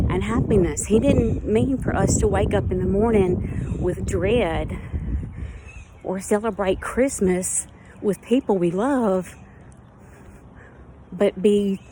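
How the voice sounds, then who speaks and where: A woman's voice: medium pitch, mellow, slight background noise. A woman talking candidly and a little out of breath in an outdoor personal vlog. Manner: candid, rambling, heartfelt. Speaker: vlogger.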